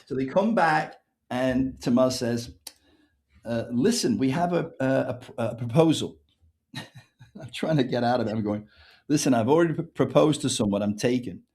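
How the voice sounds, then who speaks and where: Telling a story on a podcast where he's the guest author, an Englishman with an English accent voices the quoted dialogue in an animated way. His pitch is mid-range and his speed normal.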